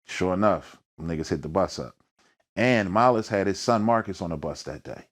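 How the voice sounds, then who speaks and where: A low-voiced man with a Philadelphia accent sits down for an interview about his rap career. He talks in thick slang and tells his stories with energy, acting out the voices and sounds in them. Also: normal speed. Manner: slangy, peppered with "you know what I mean". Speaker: rapper, interview guest. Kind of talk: storytelling in a sit-down interview.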